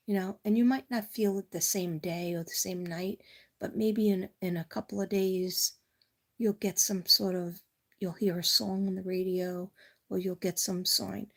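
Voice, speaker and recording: A woman's voice: mid-range voice, measured pace. A middle-aged woman from Staten Island with a New York accent, giving a casual, rambling tarot reading full of personal stories. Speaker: tarot reader.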